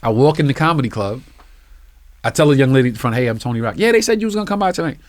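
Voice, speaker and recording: A middle-aged man from New York, a comedian telling a long anecdote with lively acted-out voices and casual swearing. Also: mid-range voice, very fast. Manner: acts out voices in his anecdotes, swears freely. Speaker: comedian guest. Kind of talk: animated storytelling.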